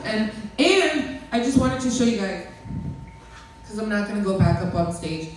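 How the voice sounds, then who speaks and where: A woman's voice: medium pitch, lively intonation, moderate pace. A woman hosting an open mic, chatty and jokey with the crowd and the comedians. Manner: chatty, jokey, laughs easily. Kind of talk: casual emcee banter. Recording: echoey club from a distance, faint room noise.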